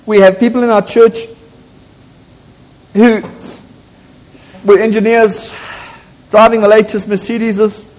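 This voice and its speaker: A man's voice: high voice, flat delivery, takes it slowly, long pauses, a little mellow. A man, a pastor preaching an impassioned, emphatic sermon in a church. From South Africa. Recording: echoey church hall.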